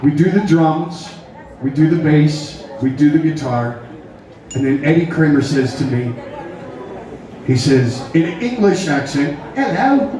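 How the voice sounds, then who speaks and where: A man's voice: a little high, unhurried, dark tone. A middle-aged man, a rock singer, telling a story between songs at a live show in a joking, laid-back way, recorded from a distance in a large hall. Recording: echoey hall, distant, with crowd noise.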